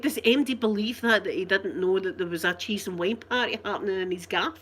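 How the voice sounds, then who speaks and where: Chatting casually with her live-stream viewers, a woman with a broad Glasgow Scottish accent wanders from topic to topic and often bursts out laughing. Her pitch is ordinary for a woman, and she talks a little fast with a slightly rough edge.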